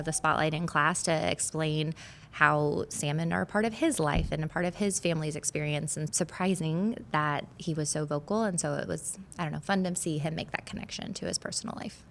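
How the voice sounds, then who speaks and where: A woman teacher explains things earnestly on a podcast. Her voice sits low and has a gravelly fry. A faint rumble runs under the recording. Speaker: fourth grade teacher. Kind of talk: podcast conversation.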